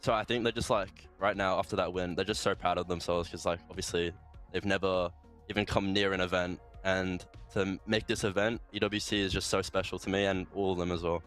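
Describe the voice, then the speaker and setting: A young man speaks as a pro player guest in a fairly low voice. He rambles casually and emotionally, full of filler. Faint music plays underneath. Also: fairly even intonation, brisk, fairly bright tone. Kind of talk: casual post-match interview.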